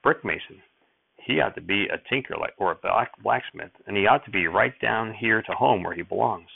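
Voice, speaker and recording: A man's voice: lowish voice, normal speed, creaky, breathy edge, dry recording, exaggerated voice. A man voicing an irritable old farmer grandfather who snaps orders in rustic country dialect, recorded with tinny phone-like sound. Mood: grumbling.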